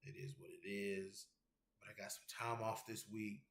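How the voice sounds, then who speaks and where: A man's voice: fairly low pitch, fairly even intonation, normal speed, vocal fry, fairly bright tone, roomy sound. A man hosting an MMA show, chatting casually and rambling with viewers, with loose, profane talk. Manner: loose, rambling and profane, reads chat messages aloud. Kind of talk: casual livestream chat with viewers.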